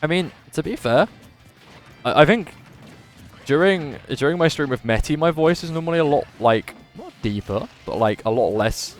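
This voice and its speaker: Man doing lively game commentary. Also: fairly high pitch, normal speed, soft background music. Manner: animated commentator voice, says his voice is going. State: slightly strained voice. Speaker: tournament commentator and streamer. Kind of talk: live game commentary and chat with viewers.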